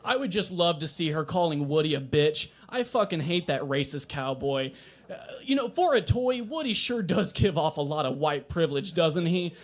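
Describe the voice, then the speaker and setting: High-voiced young man doing stand-up. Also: moderate pace. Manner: wry, deadpan delivery breaking into laughs and shouted asides. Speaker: stand-up comedian. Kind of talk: stand-up comedy set at an open mic. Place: small coffee shop open mic.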